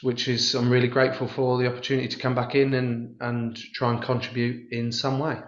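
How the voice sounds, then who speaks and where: A man's voice: mid-range voice, completely flat delivery, brisk, roomy sound, highs cut off. A man answering press-conference questions in a rambling, self-deprecating, jokey way. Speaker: rugby player at a press conference.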